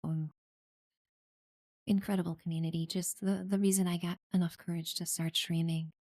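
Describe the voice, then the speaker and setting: Woman streamer chatting while she plays, low mellow voice, dry sound, thanks every follow. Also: flat delivery, normal speed, no echo. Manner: friendly, thanks followers warmly, many fillers. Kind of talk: casual live gameplay chat.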